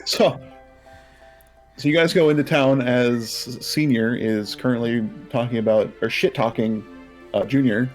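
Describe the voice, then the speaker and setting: A man's voice: medium pitch, unhurried, soft background music. A man narrating as game master in a casual tabletop game session.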